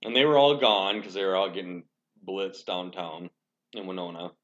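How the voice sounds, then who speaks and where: A man's voice: deep voice, fairly even intonation, normal speed, a bit bright. A young man hosting a casual podcast chat, telling a rambling, profane, self-deprecating story. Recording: dull lo-fi sound.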